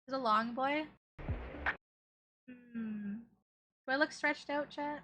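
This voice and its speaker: A woman's voice: high voice, takes it slowly, background noise. A young woman streamer chatting casually as she reacts to old clips, giggling often and using playful baby talk.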